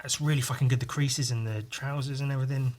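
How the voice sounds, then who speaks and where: Chatting as he draws on stream, this podcast host rambles along, cursing casually and laughing at his own anecdotes. His medium-pitched voice is steady and a little mellow, and he talks quickly.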